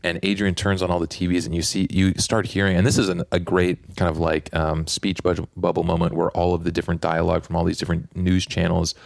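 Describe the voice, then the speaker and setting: A man's voice: low voice, fast, creaky, hardly any pauses, no echo, clean studio sound. A man co-hosting a comics podcast, retelling scenes casually and acting out the quotes. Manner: animated retelling, acts out quotes. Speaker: podcast co-host. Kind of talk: casual chat.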